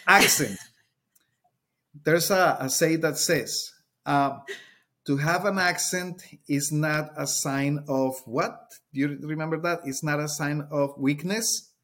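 Colombian-accented man, husky voice. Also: fairly high pitch, slow, a bit bright. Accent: Colombian Spanish. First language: Spanish. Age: middle-aged. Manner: earnest, explanatory, repeats words while searching for them. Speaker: teacher. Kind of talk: interview conversation.

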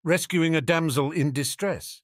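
A man's voice: fairly high pitch, measured pace, no echo, pitched above the performer's own voice, close to an everyday voice. A man voicing a sneering wizard schemer. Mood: scheming. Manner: sarcastic, disdainful. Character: irritable sarcastic male wizard schemer.

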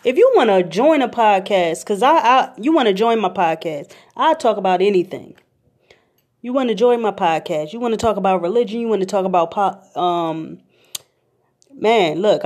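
A young woman hosting a podcast, telling comic stories in an animated, slangy, jokey way. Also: medium pitch, moderate pace. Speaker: podcast host. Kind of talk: comedic storytelling monologue.

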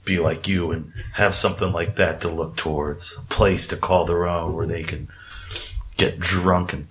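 A man's voice: low voice, level tone, normal speed, a bit bright, pitched below the performer's own voice. A man playing a brash, crude lady orc. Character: hard-drinking friendly female orc.

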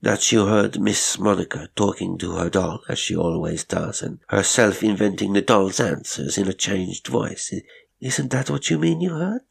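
A man's voice: lowish voice, normal speed, gravelly, husky, heavily acted. A man voicing a Polish governess woman who tries to sound firm and ordinary while her nerves shake. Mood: strained calm. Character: tense Polish governess woman, anxious but commanding.

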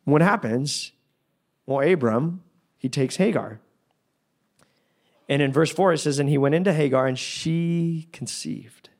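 Man, pastor, sermon, conversational, animated, playful asides. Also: on the high side, measured pace, pauses often.

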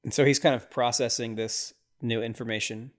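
A man's voice: mid-range voice, fairly even intonation, a little fast. A man hosting a podcast, giving casual watch-along commentary on a movie in a rambling, reactive way with sudden exasperated outbursts. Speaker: podcast host.

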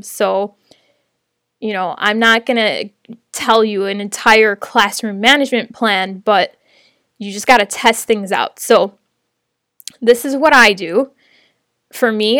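A woman's voice: on the high side, a bit bright, dry recording, clean studio sound. A woman sharing practical tips on teaching online, in a friendly, conversational way with light laughs. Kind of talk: casual teaching tips to camera.

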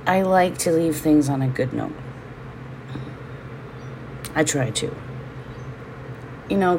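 A woman's voice: sits low, background noise. A woman from Hawaii, hosting a casual solo podcast from home, talking candidly, swearing freely and drifting into side rants. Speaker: podcast host.

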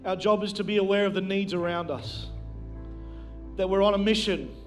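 A man's voice: sits high, moderate pace, soft background music. A male pastor preaching a sermon to a live congregation on a handheld microphone, telling a personal story with self-deprecating jokes. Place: church, speaking to a live congregation.

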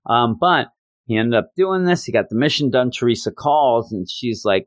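A man hosting a podcast, casually reviewing a comic book and retelling its scenes with quick quoted lines. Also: mid-range voice, no room sound. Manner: animated retelling, quoting characters in quick bursts. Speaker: podcast host.

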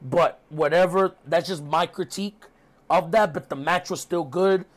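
A man talking through a recap in a loose, rambling, chatty way, as a podcast host. His voice sits a little on the high side for a man. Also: normal speed. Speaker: podcast host reviewing wrestling. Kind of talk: casual recap.

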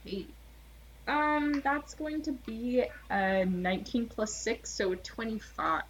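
A woman taking her turn in a tabletop game, talking at an unhurried, drawn-out pace. She laughs often, and a faint hiss sits under her voice. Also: on the high side, low-quality recording. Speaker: player. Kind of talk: casual tabletop game play.

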